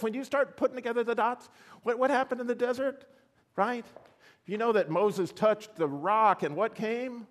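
Man, preacher, sermon, slightly high voice, animated, rhetorical questions. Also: moderate pace. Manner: animated, rising to excited exclamations; asks the audience rhetorical questions.

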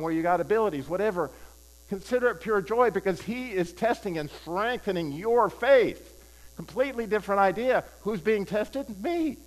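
Emphatic older male preacher, higher voice. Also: rough recording. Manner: emphatic, repeats key phrases; conversational, asks the audience questions. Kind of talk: sermon with personal storytelling.

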